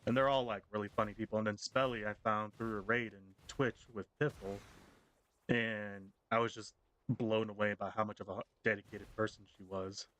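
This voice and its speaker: A man's voice: lowish voice, fairly even intonation, normal speed, a bit bright. A man chatting casually on his live game stream, rambling with fillers and frequent laughs.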